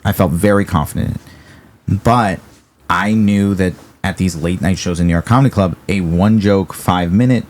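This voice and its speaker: A young man from Virginia, a comedian guest telling a story in a casual interview, animated and acting out the people he quotes. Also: deep voice, normal speed.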